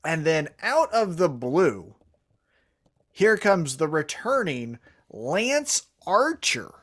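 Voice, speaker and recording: A man co-hosting a wrestling podcast in casual chat, animated, with quick asides and some swearing. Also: fairly high pitch. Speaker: co-host.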